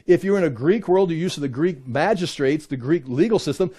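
A man teaching a Bible class in an explanatory way, often pausing with "uh" and restarting his sentences. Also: on the high side, expressive, mellow.

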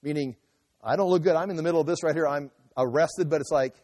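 A male pastor talks fast, his voice a little high yet mellow and dark, with long reverb from a large hall. His expository sermon works through a passage conversationally, full of restarts and asides as he explains scripture.

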